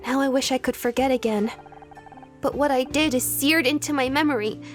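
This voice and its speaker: A woman's voice: high-pitched, brisk, soft background music, close to an everyday voice. Woman doing a timid guilt-stricken robot boy. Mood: remorseful. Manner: soft, hesitant and shaken.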